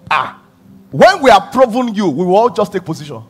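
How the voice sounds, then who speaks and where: A man's voice: high-pitched, brisk, slightly rough. A man preaching a sermon, telling stories with lots of emphatic repetition and frequent laughter. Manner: emphatic, repeating phrases for stress; animated storytelling, often laughing.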